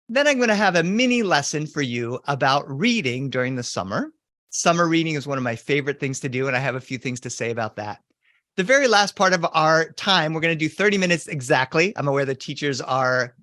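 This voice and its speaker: A middle-aged man telling stories to children over a video call, lively and animated. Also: a little high, dry recording, studio quality. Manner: lively, animated, greets the audience. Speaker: children's storyteller.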